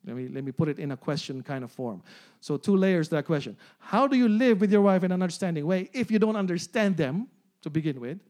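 A man's voice: on the high side, animated, fast talker, darkish tone. A man in his forties preaching a sermon, often repeating phrases, asking the congregation "amen?" and "right?", and laughing along. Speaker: pastor.

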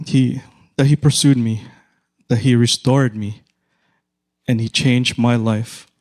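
A middle-aged man with a Filipino accent, preaching a sermon in a measured, emphatic way with repeated phrases. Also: mid-range voice, fairly even intonation, darkish tone. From Philippines. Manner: slow, measured, emphatic repetition.

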